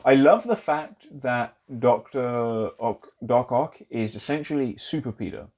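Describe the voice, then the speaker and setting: A young man co-hosting a casual film podcast, talking loosely and excitedly with lots of "like", swearing and laughing. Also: mid-range voice, measured pace. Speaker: podcast co-host.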